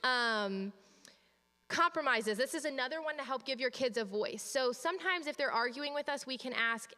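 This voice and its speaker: Bright-voiced woman teaching parents in a hall. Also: high voice, animated, normal speed. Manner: practical, reassuring, acts out parent-child exchanges. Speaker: parenting trainer. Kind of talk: training talk to parents. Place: church hall. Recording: long hall reverb.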